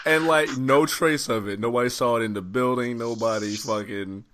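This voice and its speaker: A man co-hosting a podcast in casual chat, reacting to a friend's stories with slow, laughing disbelief. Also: medium pitch, a bit bright. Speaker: podcast co-host.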